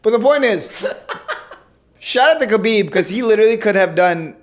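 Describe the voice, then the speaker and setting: A man's voice: high-pitched, expressive, normal speed. A young man with a raised, light voice riffs through a casual podcast chat. He swears freely and keeps breaking into laughter. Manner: loose, profane, laughing banter. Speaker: podcast co-host.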